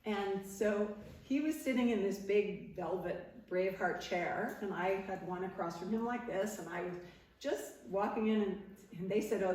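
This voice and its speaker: Animated woman telling stories in an echoey hall. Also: mid-range voice, far from the mic. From Nova Scotia, Canada. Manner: animated storyteller, laughs often, acts out quotes. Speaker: guest speaker, former TV interviewer. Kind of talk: storytelling talk to a live audience. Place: parish hall.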